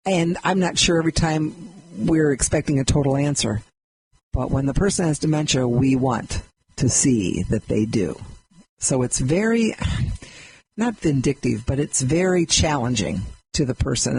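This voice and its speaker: A woman who is a guest on a radio interview, explaining her ideas in an animated way and acting out little scenes as she goes. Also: deep voice, normal speed, background noise. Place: radio studio.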